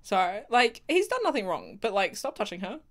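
A woman giving casual reaction commentary, excitable and swearing freely, with frequent laughter. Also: mid-range voice, brisk, very noisy. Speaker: video reactor.

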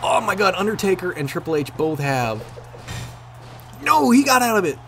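A man commentating on his own gameplay, excitable, swearing and yelling at the game. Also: high voice, moderate pace, soft background music. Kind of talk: let's play commentary.

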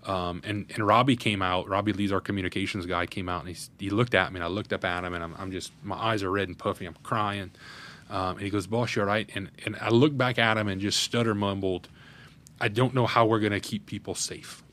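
A man's voice: sits low, steady tone, quick pace, bright, forceful tone. A man, a parish president telling a candid, earnest story in an interview. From Louisiana, USA. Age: 30s. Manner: earnest, candid, recounting a crisis in detail. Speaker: parish president, podcast guest.

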